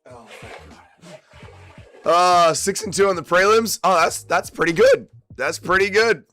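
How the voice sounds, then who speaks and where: This Australian streamer speaks at a measured pace in a high, sharp voice, with faint music behind him. Worn out and still drunk from a late night, he swears freely and trades relaxed banter with his chat.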